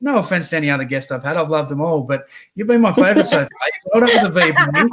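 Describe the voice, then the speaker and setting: A man's voice: on the high side, lively intonation, fast talker, a loud crowd. A man hosting a casual livestream interview, easygoing and rambling with lots of ums and uhs. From Australia. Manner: easygoing, rambling with many fillers. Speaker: livestream host.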